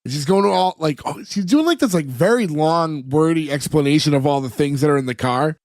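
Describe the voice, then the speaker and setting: A man's voice: on the high side, lively intonation, fairly quick, darkish tone, no echo, clean studio sound. A man co-hosting a podcast in casual chat, rambling with many filler words as he retells scenes. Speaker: podcast co-host. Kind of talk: casual chat recapping an episode.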